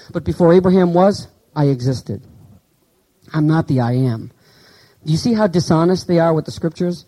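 A man preaching a sermon in a conversational way, asking his listeners questions and slowly reading out Greek words. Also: a little high, dark tone, slightly rough, rough recording. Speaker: pastor.

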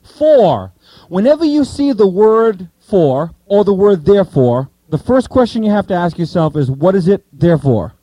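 High-voiced man teaching a Bible class. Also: sing-song, warm tone, dry recording, rough recording. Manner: questions the audience, repeats key points slowly. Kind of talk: Bible study lecture.

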